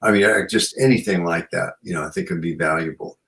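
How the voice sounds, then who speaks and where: A man's voice: deep voice, fast talker, creaky, a bit bright, poor audio. A man hosting a radio show, chatting in a rambling, reflective way with many "you know"s. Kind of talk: casual chat.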